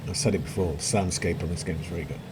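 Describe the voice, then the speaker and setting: A man's voice: deep voice, racing. A middle-aged man giving chatty, self-deprecating gameplay commentary, often muttering to himself as he plays. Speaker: let's play host. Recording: noisy background with seagulls.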